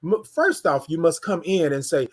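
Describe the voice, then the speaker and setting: A man's voice: on the high side, husky. A man from Houston hosting a casual morning livestream, greeting viewers and hyping up the chat. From Houston, Texas. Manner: energetic, hypes the chat, drawn-out sung greetings. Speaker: livestream morning show host.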